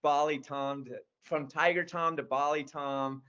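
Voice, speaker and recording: A man's voice: a little high, fairly even intonation, unhurried, muffled recording, crowd noise. A man in his sixties, an interview guest telling stories in an enthusiastic, rambling way. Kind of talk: casual storytelling.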